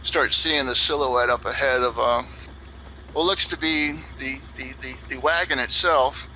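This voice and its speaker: Brief: laid-back male game master, loose rambling narration, bright voice, on a voice call. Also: medium pitch, steady tone, measured pace, a little hiss or hum, poor audio. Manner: rambling, loose, many fillers. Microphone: online voice call.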